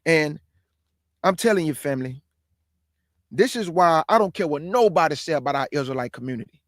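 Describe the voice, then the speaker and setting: A man's voice: a little high, animated, fairly quick, no echo, studio quality. A man hosting his own stream, talking in a fiery, preachy way, repeating his points and calling his listeners family. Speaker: show host. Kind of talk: impassioned livestream commentary.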